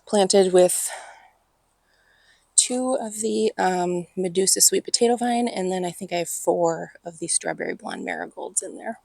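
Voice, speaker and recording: A woman's voice: on the low side, very animated, unhurried, vocal fry, a little mellow, no room sound. A woman with an Upper Midwest American accent gives a casual walking tour of her outdoor patio garden, filming on a handheld phone and muttering asides under her breath. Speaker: garden vlogger.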